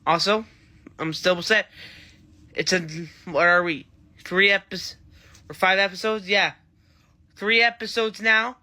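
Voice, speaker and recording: A man's voice: high voice, normal speed, pauses often, pushed and bright. A man giving a casual, rambling, enthusiastic review of a TV episode. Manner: enthusiastic, rambling fan chatter. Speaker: TV show reviewer.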